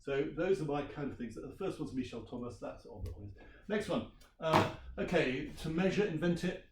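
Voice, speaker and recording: A man's voice: fairly high pitch, animated, moderate pace, noisy background. A man, a language teacher giving a chatty workshop presentation and quizzing his audience. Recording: roomy sound from a distant mic.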